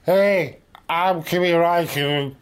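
A man voicing a laconic racing driver who mumbles in a flat, unbothered monotone. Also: fairly high pitch, unhurried, smooth, voice pushed down, natural voice. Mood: deadpan.

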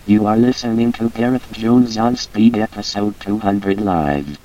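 A man voicing a bored male robot announcer who makes flat, deadpan announcements. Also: fairly low pitch, unhurried, a little hiss or hum, lightly acted. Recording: dull lo-fi voice from a distance over loud music.

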